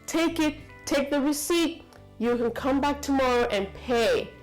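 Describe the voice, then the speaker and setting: A woman's voice: high voice, measured pace, faint music behind, pitched above the performer's own voice, poor audio. A woman voicing a kind, insistent female shop cashier who repeats short, clipped reassurances. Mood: reassuring.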